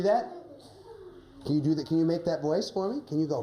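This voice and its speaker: In an echoey classroom with faint background noise, a woman drama coach directs a play rehearsal, issuing instructions and often tacking on "right?". Her voice is low-pitched, mellow and animated, moving a little fast.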